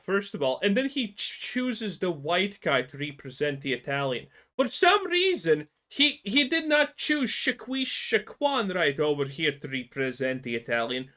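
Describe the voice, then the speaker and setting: A man's voice: sits high, sharp tone. A man giving mocking, sarcastic reaction commentary, stammering as he rants.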